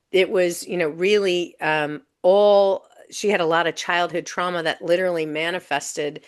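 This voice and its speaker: A woman guest in a podcast interview, telling stories in a casual, animated way with many "um"s and "you know"s. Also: on the low side. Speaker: guest coach.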